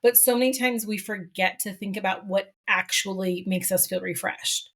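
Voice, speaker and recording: A woman's voice: medium pitch, moderate pace, fairly bright tone. Chatty middle-aged woman telling stories. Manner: candid storyteller, chatty with many asides. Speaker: podcast co-host. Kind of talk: casual conversation.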